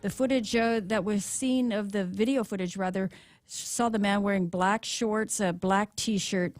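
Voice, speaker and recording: A woman reading the news headlines on a morning show, in a steady, matter-of-fact way with a few fillers. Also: medium pitch, unhurried, no room sound, studio quality, soft background music. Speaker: news reader.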